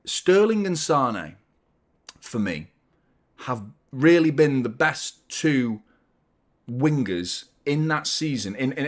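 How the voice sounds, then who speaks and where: A young man hosting a football watchalong stream, chatting casually, rambling and joking while reading out viewer shout-outs. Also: medium pitch. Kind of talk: casual live-stream chat.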